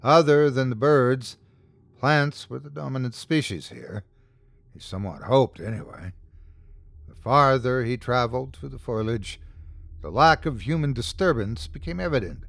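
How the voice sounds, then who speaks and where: A man hosting and narrating a horror story podcast in a measured, dramatic, scripted telling. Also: medium pitch, creaky, a bit bright, no echo. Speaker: host and narrator.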